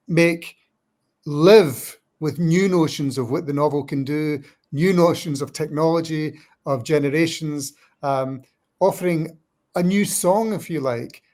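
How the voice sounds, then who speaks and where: A man with a Scottish accent, answering interview questions as a guest author in an eloquent, measured, reflective way. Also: fairly high pitch, a little mellow. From Scotland.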